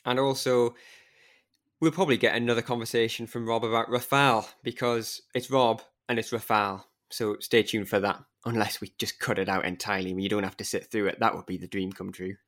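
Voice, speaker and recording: A man's voice: fairly low pitch, fairly even intonation, brisk, a bit bright. A man co-hosting a podcast, chatty and teasing, introducing an interview. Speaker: podcast co-host. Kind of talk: casual podcast chat.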